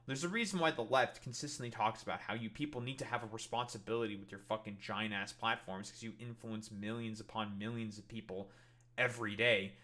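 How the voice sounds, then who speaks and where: A man's voice: fairly low pitch, steady tone, a little fast, bright, forceful tone. A man streaming and ranting in casual reaction commentary, swearing and mocking other people's voices.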